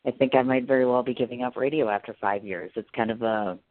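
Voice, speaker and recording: A woman's voice: very deep voice, fast talker, no room sound. A woman radio host talking in a casual interview chat, rambling and self-deprecating with lots of restarts. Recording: tinny phone line, dry.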